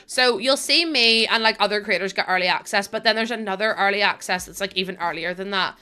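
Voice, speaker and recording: A woman's voice: medium pitch, a little fast, sharp tone, smooth. A woman with a Northern Irish accent chatting casually on a live stream, laughing often and thanking viewers by name. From Northern Ireland.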